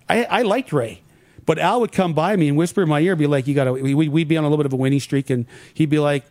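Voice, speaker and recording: Middle-aged male ex-athlete guest; slightly higher voice, animated storyteller who acts out the dialogue, dry room. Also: dry recording. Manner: animated anecdotes acting out quoted dialogue. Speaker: former pro hockey player, guest. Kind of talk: casual storytelling in an interview.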